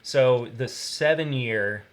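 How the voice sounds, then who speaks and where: A man's voice: medium pitch, slow pace. Agreeable man guest on a live chat. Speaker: podcast host guest. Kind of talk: casual live-stream chat.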